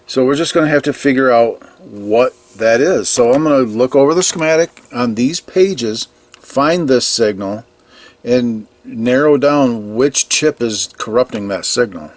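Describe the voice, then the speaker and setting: A man's voice: medium pitch, a little slow. A man working as an arcade repair technician, walking through a repair in a casual, plain way, thinking aloud and poking fun at himself.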